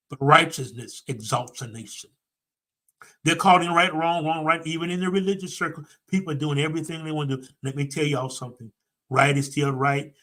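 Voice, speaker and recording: A man preaching to a congregation, emphatic, swinging his pitch for emphasis and repeating key phrases. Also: a bit bright. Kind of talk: sermon-style commentary.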